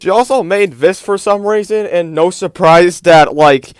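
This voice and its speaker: A man with a high voice delivers an exasperated commentary rant, packed with "like" and "bro". The sound is dry and close, with no room echo. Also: unhurried, hardly any pauses, clear, resonant tone. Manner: exasperated, fills talk with "like" and "bro". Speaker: YouTube commentator.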